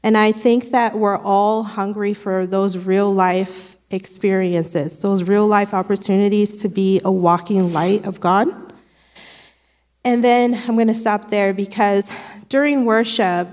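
A woman's voice: medium pitch, steady tone, unhurried, darkish tone, long reverb tail. A woman sharing an earnest, conversational devotional with her church. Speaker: church speaker.

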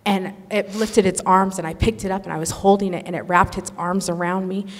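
A woman's voice: medium pitch, brisk. Earnest woman telling a testimony, echoey hall. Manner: earnest, animated storytelling. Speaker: speaker sharing a testimony. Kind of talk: emotional testimony to a congregation.

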